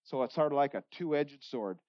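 A pastor preaching an expository sermon, reading scripture and explaining it in plain, conversational words, and acting out the quoted speakers with big jumps in pitch and loudness. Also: moderate pace, no echo. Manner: conversational, paraphrases in everyday words. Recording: dull lo-fi sound.

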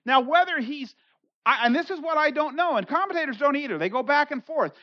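A pastor works through a scripture passage verse by verse and puts each line into everyday words. The delivery is animated, and when the pastor acts out a quoted speaker, the voice jumps in pitch and loudness. The sound is dull and lo-fi, with a dry, close feel. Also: a little fast, no echo. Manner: conversational, paraphrases in everyday words. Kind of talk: expository sermon, reading and explaining scripture.

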